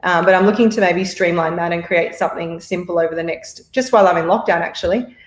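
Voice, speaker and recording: A woman's voice: fairly low pitch, fast, roomy sound. An Australian woman chatting as a podcast guest, rambling and laughing often. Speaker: podcast guest, marketer and actor. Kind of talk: casual interview chat.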